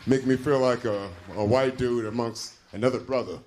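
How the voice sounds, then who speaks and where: A man hosting a live comedy show, bantering in an animated, profane way between acts. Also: medium pitch, moderate pace, faint music behind. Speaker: host and comedian. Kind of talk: stand-up hosting.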